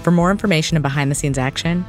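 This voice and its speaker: A man's voice: a little high, rapid-fire, soft background music. A man hosting a podcast, telling a story in scripted documentary narration with a wry touch. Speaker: podcast host.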